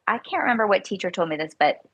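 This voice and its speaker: A woman's voice: medium pitch, expressive, racing, breathy edge. A middle-aged woman, an entrepreneur and mom, talking reflectively as a podcast guest and agreeing readily. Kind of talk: casual spiritual conversation.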